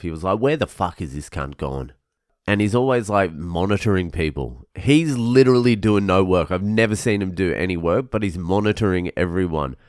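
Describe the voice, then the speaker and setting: A man's voice: low voice, clear, resonant tone, no echo, clean studio sound. A young man, ranting casually about work and swearing constantly. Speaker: vlogger. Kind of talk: casual venting monologue.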